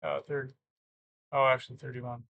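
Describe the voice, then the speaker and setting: A man's voice: mid-range voice, level tone, moderate pace, vocal fry, no echo, narrow, tinny audio. A man vlogging about his reselling business, walking through sales numbers on screen in a casual, think-aloud way with self-corrections. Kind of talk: casual screen-share walkthrough.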